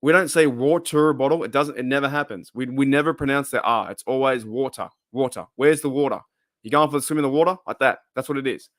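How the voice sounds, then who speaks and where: A man's voice: medium pitch, fast, fairly bright tone, no echo. Rambling Australian man, dry sound. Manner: rambling, goes off on tangents, chuckles often. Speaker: channel host. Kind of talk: casual live-stream chat.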